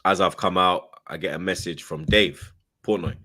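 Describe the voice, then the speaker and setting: A man tells a story as a podcast guest, in a slangy, animated way and with many restarts. His voice sits low but has a bright, forceful edge. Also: moderate pace. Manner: animated, slangy, repeats himself. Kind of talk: casual storytelling chat.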